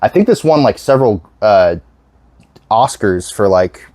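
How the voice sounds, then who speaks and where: A man's voice: fairly low pitch, animated, measured pace, dark tone, dry recording. Guy rambling about his collection, swears constantly, trips over his words, dry close sound. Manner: rambling, swears a lot, many restarts. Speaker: vlogger. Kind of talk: casual chat.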